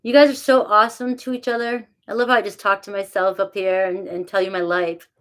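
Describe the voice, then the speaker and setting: A woman's voice: mid-range voice, steady tone, a little fast, a bit bright. A middle-aged woman chatting casually with her live viewers, self-mocking, laughing often and thanking them by name. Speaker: tarot reader talking to live chat. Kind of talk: casual live-stream chat.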